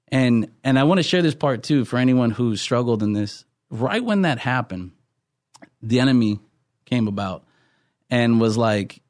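A man's voice: medium pitch, normal speed, darkish tone, no echo, studio quality. A middle-aged man, a pastor, earnestly telling his life story in a podcast interview, often restarting his sentences.

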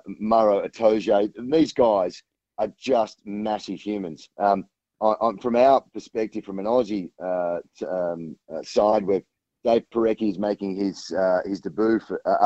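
A man's voice: lowish voice, dark tone, no room sound, dull audio. A man talking rugby as a guest on a sports radio show, rambling with many restarts. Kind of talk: casual radio chat.

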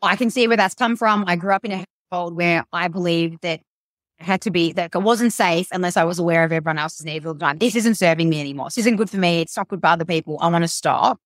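A woman's voice: lowish voice, fast talker, dry recording, studio quality. A woman coach giving guidance in a podcast conversation, earnest and explanatory, with frequent "like" and "you know". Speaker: mental health and performance coach, guest.

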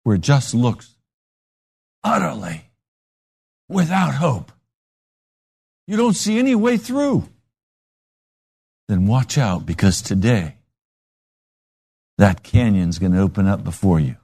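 A man's voice: on the low side, takes it slowly, gravelly, pauses often, slightly rough. A man preaching a sermon, telling stories and acting out the voices in them. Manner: animated storytelling with acted-out voices.

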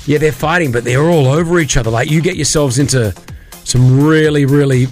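A man co-hosting a radio show, telling a story in a jokey, emphatic, animated way. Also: a little high, brisk, soft background music. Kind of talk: casual radio banter.

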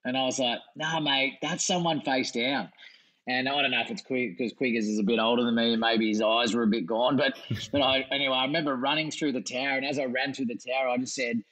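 An Australian man, a lifeguard guest, recounting a rescue in relaxed, self-deprecating casual chat. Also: medium pitch, quick pace, low-quality recording.

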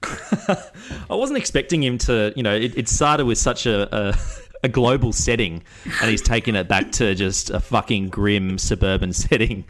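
Bantering man, deep voice. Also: expressive, measured pace, fairly bright tone. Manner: laughing, swearing banter. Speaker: podcast co-host. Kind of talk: casual chat.

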